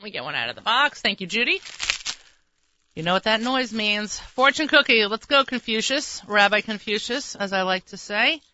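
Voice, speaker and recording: A woman hosting a radio talk show, telling rambling commuter stories full of quick asides. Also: mid-range voice, expressive, sharp tone, no echo, highs cut off. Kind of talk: casual radio chat. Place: radio studio.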